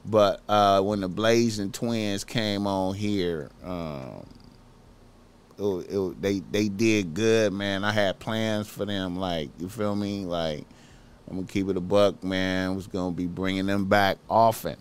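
A man's voice: sits low, fairly even intonation, takes it slowly, clean tone. A man hosting a podcast, talking casually in a slangy, profane, preachy way, repeating himself as he urges listeners. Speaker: podcast host.

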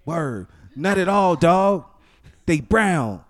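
A young man acting out a comedy sketch in an animated, slangy, joking way. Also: fairly high pitch, slow.

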